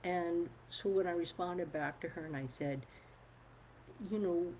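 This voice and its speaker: A woman's voice: on the low side, steady tone, normal speed, a little mellow, slight background noise, rough recording. A woman speaking her mind in a casual monologue to camera, blunt and firm, swearing freely and stressing her points. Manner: firm and emphatic. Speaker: vlogger.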